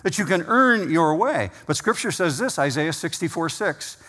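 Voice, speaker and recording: A man preaching a sermon as pastor, emphatic, slowing down and rising in pitch on key words. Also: lively intonation, fairly bright tone. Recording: long reverb of a large hall.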